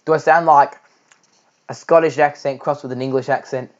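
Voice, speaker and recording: A man's voice: fairly high pitch, steady tone, moderate pace. Aussie guy doing homemade cricket commentary, chatty, rambly, kinda dull mic. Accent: Australian. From Australia. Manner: chatty, rambling, many fillers and restarts.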